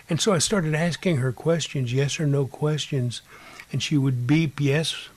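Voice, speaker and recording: Male storyteller, husky voice, unhurried personal ghost tale with hushed asides and mimicked beeps. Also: medium pitch. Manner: unhurried, mimics beeping sounds; drops to a hushed whisper at times.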